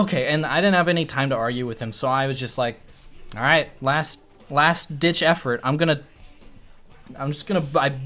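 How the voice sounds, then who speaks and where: A man's voice: mid-range voice, a bit bright. Rambling, foul-mouthed male streamer. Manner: rambling, profane, self-interrupting. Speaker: livestreamer. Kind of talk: casual storytelling.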